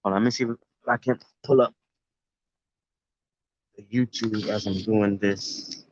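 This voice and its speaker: A man's voice: lowish voice, fairly even intonation, measured pace, dry recording. A man with a New York accent, chatting casually and profanely on a live stream from his phone outdoors. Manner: loose, profane street talk. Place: outdoors near the beach. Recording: dry, dull phone audio.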